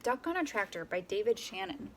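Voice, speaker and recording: A woman reading a picture book aloud to children, expressive and animated. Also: medium pitch, brisk, slight background noise. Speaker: storyteller.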